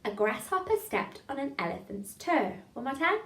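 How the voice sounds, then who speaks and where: A woman's voice: high-pitched, big pitch swings, normal speed, fairly bright tone. A woman leading an online drama improvisation lesson, chatty and encouraging, laughing at her own slips. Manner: encouraging, chatty, self-deprecating. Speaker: drama teacher. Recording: echoey room, mic at a distance.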